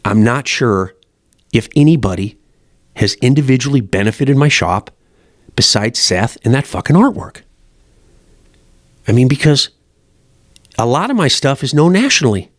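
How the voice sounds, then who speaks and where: A man's voice: mid-range voice, big pitch swings, normal speed, long pauses, dry recording, clean studio sound. A middle-aged man who runs a fly shop, talking in a blunt, profane, rambling way. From Montana, USA. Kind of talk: casual rambling monologue.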